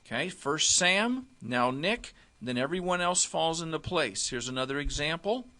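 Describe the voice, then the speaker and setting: Bright-voiced man coaching step by step. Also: fairly high pitch, animated, moderate pace. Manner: explains step by step, often checks in with "okay?". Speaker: football coach. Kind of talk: instructional walkthrough.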